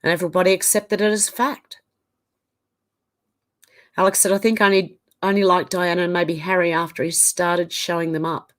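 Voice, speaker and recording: A woman with a fairly low voice that barely moves in pitch talks at a normal speed. She has an Australian accent and hosts a casual livestream, where she reads viewer comments aloud and responds conversationally.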